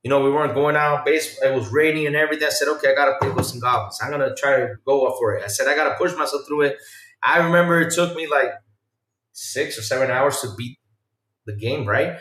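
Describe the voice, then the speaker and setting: A man hosting a casual podcast chat, telling stories in an animated way that swings from loud to quiet. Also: medium pitch, fast. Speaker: podcast host. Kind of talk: casual chat with a live chat audience. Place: home room. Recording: roomy sound from a distance off the mic.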